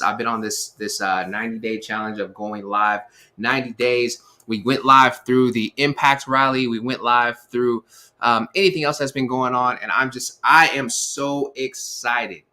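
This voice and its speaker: A man hosting a casual live stream, energetic and upbeat, talking with repeated phrases and lots of fillers. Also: mid-range voice, normal speed. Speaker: livestream host.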